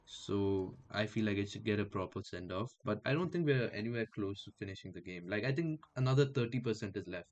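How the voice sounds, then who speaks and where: A young man streaming gameplay, chatting casually and trash-talking enemies with sudden yells. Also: on the low side, brisk, hardly any pauses. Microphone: headphones with mic.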